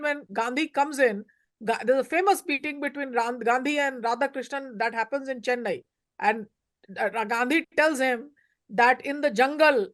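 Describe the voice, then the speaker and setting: A woman professor from India, giving emphatic lecturing remarks on a panel. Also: sits high. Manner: emphatic, lecturing, stresses single words.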